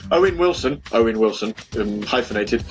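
A man's voice: fairly low pitch, expressive, fairly quick. A young man hosts a homemade internet radio show, rambling and poking fun at himself. He is chatty and loose, stumbling through restarts. Faint music plays behind him. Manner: rambling and self-mocking, full of fillers and restarts. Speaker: online radio show host. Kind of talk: casual chat with listeners between songs. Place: home room.

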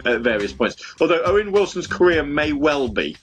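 A man's voice: fairly high pitch, very animated, normal speed. A young man hosts a homemade internet radio show, rambling and poking fun at himself. He is chatty and loose, stumbling through restarts. Faint music plays behind him. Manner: rambling and self-mocking, full of fillers and restarts. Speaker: online radio show host. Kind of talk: casual chat with listeners between songs. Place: home room.

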